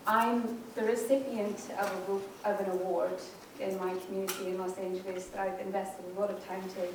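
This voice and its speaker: A woman's voice: mid-range voice, little pitch movement, fairly quick. A woman emotionally and earnestly sharing a personal story with a group, overwhelmed. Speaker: participant sharing. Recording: echoey room, far from mic, crowd and noise.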